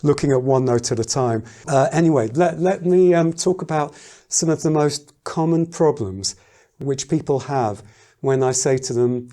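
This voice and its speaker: A man teaching a piano lesson in a casual, thoughtful way, pausing often and humming rhythms aloud. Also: mid-range voice. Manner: thoughtful, hesitant, sings and counts rhythms aloud. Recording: loud piano playing behind the voice.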